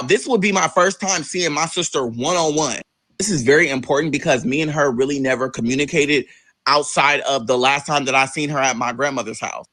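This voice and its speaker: Animated, cursing man telling a story. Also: fairly quick, no room sound. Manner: animated, profane, acts out quoted voices with big pitch jumps. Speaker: vlogger telling a personal story. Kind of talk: casual storytelling monologue.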